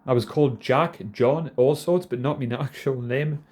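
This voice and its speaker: A man's voice: mid-range voice, moderate pace, darkish tone. A man in his thirties with a Geordie accent, rambling casually and self-deprecatingly to camera, swearing a lot. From North East England. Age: 30s. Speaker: vlogger.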